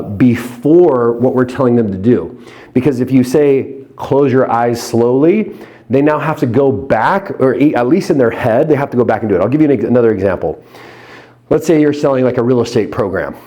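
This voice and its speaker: A man teaching hypnosis in a casual online tutorial, chatting straight to viewers and sinking into a soft, slow murmur on the key words. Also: medium pitch. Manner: chatty, addresses viewers directly.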